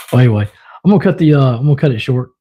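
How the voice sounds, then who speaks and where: A man's voice: mid-range voice, dark tone, slight background noise. A man livestreaming, casually telling a rambling story, chuckling often and mimicking his pets.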